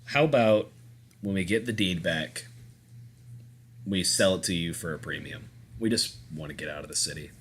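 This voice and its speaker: A man voicing a gruff, fed-up middle-aged coffee shop owner with a put-on Southern accent. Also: low voice, normal speed, long pauses, a bit bright, voice pushed down. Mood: weary. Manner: gruff, cursing, weary.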